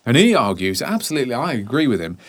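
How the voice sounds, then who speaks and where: A man in his forties, chatting casually as a podcast host and telling animated stories, sometimes dropping to a hushed whisper for effect. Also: medium pitch, fast, dry recording. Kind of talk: casual chat.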